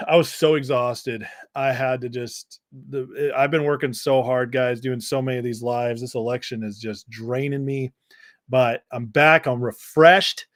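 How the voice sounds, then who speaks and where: Energetic man hosting a live stream. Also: on the high side, no echo, clean studio sound. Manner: energetic, reads out viewer names in a rush. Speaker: livestream host. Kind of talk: casual live-stream chat.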